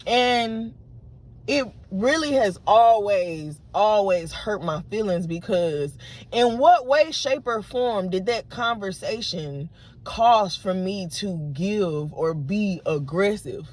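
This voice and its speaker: A woman's voice: medium pitch, expressive, slow pace. A woman in her late twenties, talking straight to camera in an unedited vlog and retelling an argument with frustration. She speaks with lots of fillers and restarts. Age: late 20s. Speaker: vlogger. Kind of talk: unedited casual monologue to camera.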